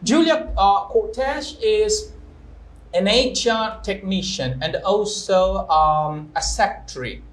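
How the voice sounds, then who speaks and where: The young host, who also teaches English, talks slowly in a high-pitched voice during his live-streamed interview. Chatty and playful, he stops to walk through pronunciation using examples, and the recording has an echoey room sound with faint noise.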